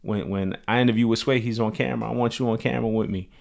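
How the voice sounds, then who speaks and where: A man putting on the voice of a playful young male rapper friend who teases him with deadpan jokes. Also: medium pitch, a little slow, voice pushed up, lightly acted. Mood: pleading, teasing. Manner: insistent, teasing, deadpan jokes.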